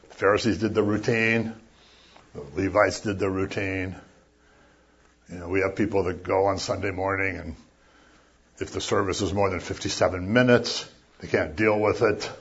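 Male preacher, husky voice, casual and jokey, then bursts loud for emphasis; muffled lo-fi recording. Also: on the low side, normal speed. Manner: conversational, with jokey asides and sudden loud emphasis. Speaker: pastor. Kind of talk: sermon.

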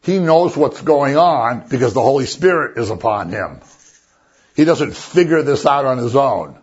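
Husky-voiced man preaching a sermon. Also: medium pitch, animated, unhurried. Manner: conversational, joking storyteller. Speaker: pastor. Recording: dull lo-fi recording.

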